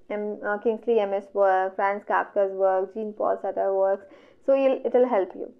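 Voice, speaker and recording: A woman with an Indian English accent teaching an online exam revision lecture, working through questions step by step and asking herself questions that she then answers. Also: a little high. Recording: dull lo-fi audio.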